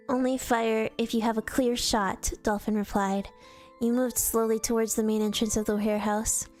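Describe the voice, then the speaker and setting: A woman's voice: a little high, flat delivery, moderate pace, darkish tone, soft background music. A woman streamer reading a fan story aloud in a storytelling voice, sometimes stumbling and restarting words. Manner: storytelling read-aloud with casual slips and restarts.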